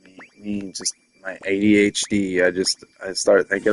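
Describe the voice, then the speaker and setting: A man's voice: low-pitched, level tone, moderate pace, vocal fry. A man chatting casually on a live stream, rambling with many fillers and frequent laughs.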